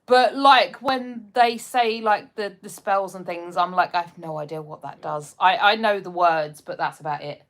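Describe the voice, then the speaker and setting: This English-accented woman speaks at a moderate pace with few pauses, in a fairly low voice. She hosts a laid-back livestream, reading viewers' comments, laughing often, and calling them her darling.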